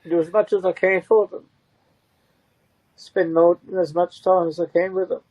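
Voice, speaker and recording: This is an older man speaking as a tearful, grieving father. His voice sits a little high and keeps breaking. He talks haltingly and circles back over the same words. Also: fairly even intonation, husky, no echo, dull audio. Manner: halting, repeats himself, voice breaking. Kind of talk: emotional interview talk.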